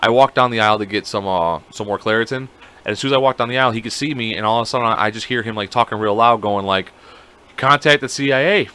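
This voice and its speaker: A man's voice: fairly low pitch, fairly even intonation, rapid-fire, bright, forceful tone, smooth. A young man telling a rambling, profane story in a casual podcast chat, quoting the people in it. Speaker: podcast co-host.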